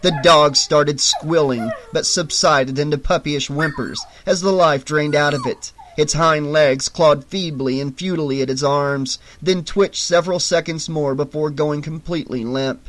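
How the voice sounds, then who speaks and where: A man narrating a horror novel audiobook in a steady, measured reading. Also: on the high side, a little hiss or hum.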